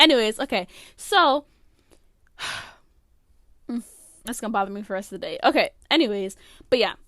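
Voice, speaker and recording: A woman's voice: mid-range voice, lively intonation, unhurried, long pauses, a bit bright, no echo, studio quality. A woman hosting a podcast alone, giving casual opinionated commentary full of "like" fillers. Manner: chatty, opinionated, many "like" fillers. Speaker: podcast host.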